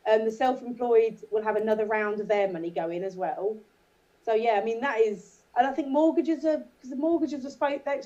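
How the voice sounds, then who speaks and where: A woman talks on a podcast panel in a dry, sarcastic way. Her voice is slightly high and mellow. The recording sounds somewhat muffled and lo-fi. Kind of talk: casual panel chat.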